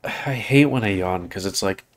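A man's voice: lowish voice, moderate pace. A man hosting a let's play, talking in a slangy, laid-back way and sounding tired. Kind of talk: casual gaming commentary.

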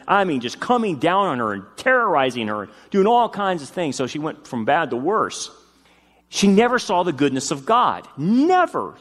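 A male pastor preaching a sermon in a lively, emphatic way, dropping casual asides and rising to loud peaks. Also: mid-range voice, big-room sound. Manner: casual spoken asides like "man".

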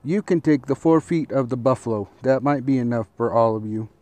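A man voicing a proud, bossy little male mouse in a slowly read storybook, speaking in a haughty, commanding way. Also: medium pitch, mellow, no room sound, natural voice. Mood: boastful.

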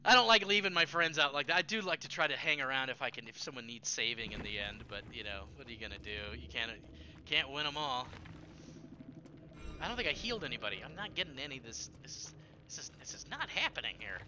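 A man streaming a horror game, chatting casually and rambling with many fillers and sudden excited bursts. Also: medium pitch, quick pace, background noise. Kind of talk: casual gameplay chat.

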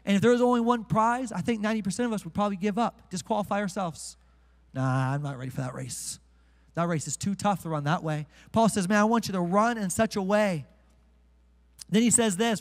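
Pastor guy preaching, jokey and pumped, drags out the bible verses, big echoey church. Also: high-pitched. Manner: energetic and joking, slows way down to read scripture. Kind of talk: sermon. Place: church sanctuary with congregation.

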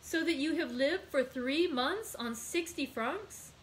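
A woman reading aloud, voicing an earnest, devoted young male sailor with lively emphasis. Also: sits high, slow pace, a little hiss or hum, pitched above the performer's own voice, low-quality recording. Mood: distressed.

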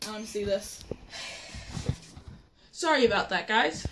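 A woman's voice: mid-range voice, animated, unhurried, a bit bright. A woman hosting a casual video, chatty and giggly as she hands out challenges and scores them. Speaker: host. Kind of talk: casual chat. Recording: roomy, distant mic, background noise.

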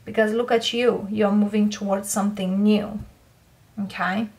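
A woman's voice: medium pitch, fairly even intonation, a little mellow. A woman giving a tarot card reading, who often checks in with her listeners and keeps saying what she feels. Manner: unhurried, checks in with "okay?" and repeats "I feel here". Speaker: tarot reader.

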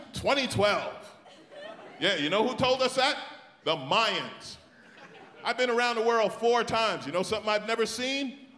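A man doing live stand-up in a large theatre, ranting loudly and mocking people in put-on voices. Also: high voice. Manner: loud, rapid rants with mocking put-on voices. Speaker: stand-up comedian. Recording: echoey theatre with crowd noise. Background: audience laughter and applause.

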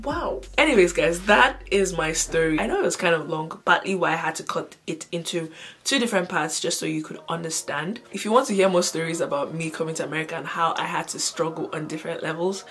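A young woman with a Nigerian accent, telling a personal story casually to camera, animated and shifting between hushed and loud. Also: low-pitched, fast talker. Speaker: vlogger.

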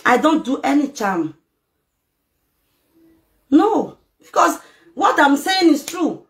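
A middle-aged Nigerian woman vlogs to camera in an emotional rant, speaking Nigerian Pidgin English, mixing in local-language words and firing off emphatic rhetorical questions. Her voice sits high and sing-song, and she takes it slowly. The recording comes from an echoey room with faint noise.

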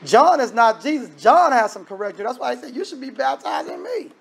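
A man preaching a sermon in a conversational, emphatic way, breaking into sudden loud bursts. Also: very high-pitched, sing-song, brisk, creaky, breathy edge.

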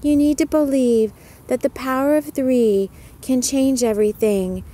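Woman doing schoolgirl witches chanting a spell in sing-song, soft ASMR story read. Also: high-pitched, unhurried, pitched above the performer's own voice. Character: two young witch girls chanting a spell.

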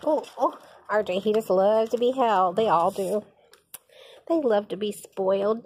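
A woman filming her foster kittens, talking to them in soft, doting, sing-song baby talk. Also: medium pitch, measured pace, a little hiss or hum. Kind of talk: cooing baby talk to pets.

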